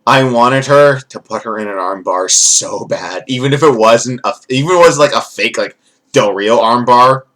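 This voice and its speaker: A man's voice: mid-range voice, normal speed, fairly bright tone. A man giving a rambling, profane, jokey recap as a casual wrestling event reviewer.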